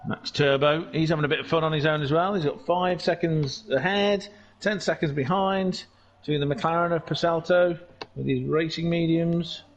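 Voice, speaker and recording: Man, sim race commentary, casual and jokey, excitable, slightly high voice, dull lo-fi sound. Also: measured pace, pauses often, a little hiss or hum.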